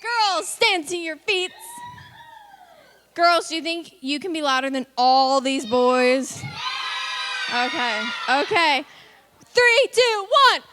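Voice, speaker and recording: Upbeat kids' church leader, woman, high voice, coaxing. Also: slow pace, long pauses, background noise. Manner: upbeat, coaxing, calls out countdowns. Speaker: children's ministry leader. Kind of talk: leading a kids' church lesson. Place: children's church room.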